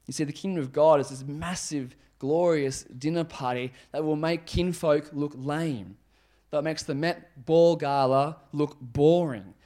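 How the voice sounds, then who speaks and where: A pastor giving a conversational, emphatic sermon, dropping low and quiet on serious points. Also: male voice, steady tone, a little slow.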